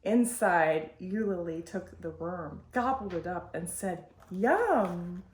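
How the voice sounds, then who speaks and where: A woman hosting storytime, reading a picture book aloud in a slow, expressive way. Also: on the low side. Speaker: storytime host. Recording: roomy echo.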